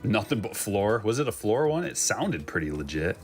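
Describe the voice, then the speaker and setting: A man hosting a card break, chatting casually and excitedly as he opens packs and jokes with viewers. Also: lowish voice, normal speed, faint music behind. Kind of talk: casual live commentary while opening packs.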